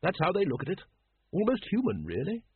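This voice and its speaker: A booming, hearty noblewoman in an audiobook, her husky voice pitched high and swinging widely, as a male narrator puts her on. The sound is dry and narrow, like a phone line. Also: wildly swooping pitch, exaggerated voice. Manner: booming, brisk.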